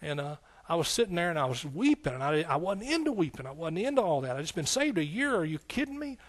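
A man preaching a sermon as pastor and Bible teacher, in a folksy, energetic style that repeats its phrases and calls out "amen". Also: a little high, quick pace.

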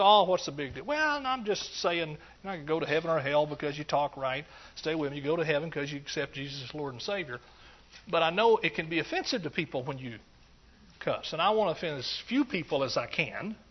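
Folksy high-voiced preacher. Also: male voice, brisk. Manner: folksy and joking, with animated outbursts of praise. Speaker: pastor. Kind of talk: sermon. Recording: dull lo-fi sound.

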